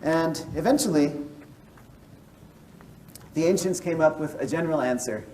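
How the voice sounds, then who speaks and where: Male mathematician, patient walk-through delivery, warm dark tone, recorded from a distance. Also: on the high side, moderate pace, slight background noise. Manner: explains step by step, checks in with "right?". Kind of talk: explanatory lecture and interview.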